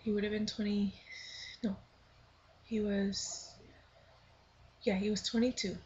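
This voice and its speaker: A woman's voice: medium pitch, level tone, slow, lo-fi sound, slight background noise. A woman in her twenties reflecting earnestly in a personal vlog, partly reading her own blog aloud, sometimes dropping to a near whisper. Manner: earnest, thoughtful, with soft half-whispered stretches. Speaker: vlogger.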